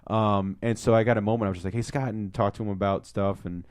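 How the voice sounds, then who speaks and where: A young man chats on a podcast, talking fast and getting excited as he tells his stories. He swears freely and acts out what people said to him. His voice sits a little low. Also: clear, resonant tone, no room sound, studio quality. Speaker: podcast co-host. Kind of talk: casual storytelling chat.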